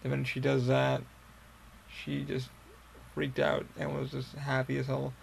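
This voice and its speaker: A young man recounts a personal story on his podcast in a loose, meandering monologue. His voice is heavily gravelly and stays flat in pitch, sitting at an ordinary male height. He swears freely and circles back on himself with fillers and restarts. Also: unhurried, slight background noise. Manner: rambling, profane, full of fillers and restarts. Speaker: podcast host.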